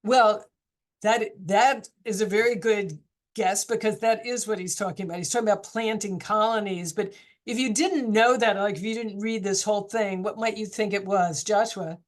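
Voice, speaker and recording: A woman teacher leads a relaxed online class, talking through questions in an easygoing, encouraging way. Her voice sits at an ordinary middle pitch, and she keeps the discussion moving by asking her students things. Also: moderate pace. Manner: chatty, encouraging, asks questions.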